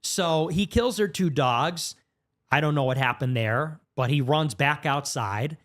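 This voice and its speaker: Speaking fast and energetically, a man on a podcast shares a story as the guest, his pitch jumping sharply now and then. The casual interview takes place in a podcast studio.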